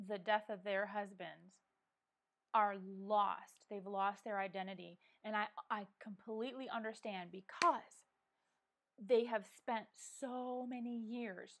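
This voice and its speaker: A middle-aged woman hosting a casual live coffee chat from home, talking earnestly with many restarts and ums, on a clip-on microphone. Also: fairly high pitch. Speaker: vlog host. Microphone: wearing a microphone.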